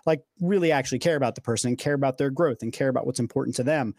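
A man's voice: mid-range voice, steady tone, fast, few pauses, no room sound, studio quality. A man hosting a casual podcast conversation, enthusiastic and loose, with lots of fillers and repeated words. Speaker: podcast host.

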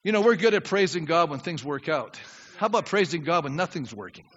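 Older guy preaching, high bright voice, big echoey church, bit muffled. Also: fairly quick. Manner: animated preaching, acts out prayers, drops low then shouts. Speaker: pastor. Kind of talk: sermon. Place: church sanctuary. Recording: dull reverberant church recording.

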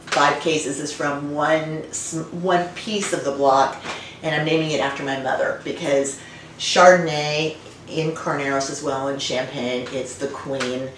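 A woman's voice: sits low, fairly even intonation, a little slow. A middle-aged woman winemaker, a guest telling family stories in a casual interview, with many fillers and restarts. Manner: warm storytelling with frequent fillers and restarts. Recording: roomy and distant, faint noise.

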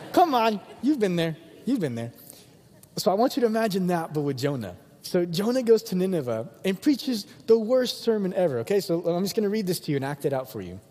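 A young man preaching a sermon, animated and acting out the people he quotes in different voices. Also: high voice, a little fast, in a large hall. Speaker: pastor.

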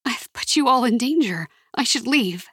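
A woman's voice: on the high side, animated, moderate pace, a bit bright, slightly rough, no room sound, clean studio sound, pitched above the performer's own voice. A woman reading a frightened, guilt-ridden young woman who speaks in a shaky, anxious way.

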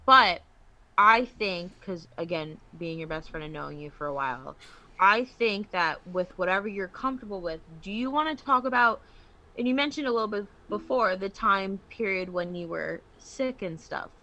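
A woman's voice: medium pitch, moderate pace, bright, forceful tone, rough recording. A woman hosting a podcast in casual chat, friendly and giggly as she moves the talk along. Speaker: podcast host.

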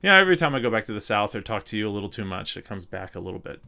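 A man's voice: fairly low pitch, sing-song, very fast, vocal fry, pushed and bright. A man co-hosting a podcast in casual chat, with no regional accent and a wry, joking manner. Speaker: podcast co-host.

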